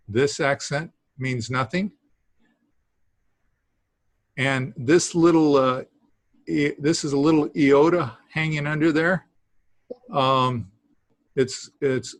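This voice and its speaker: A man teaching a beginners' language class, talking haltingly with many fillers and small laughs. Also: fairly high pitch, no echo. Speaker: Greek teacher. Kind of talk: classroom lesson.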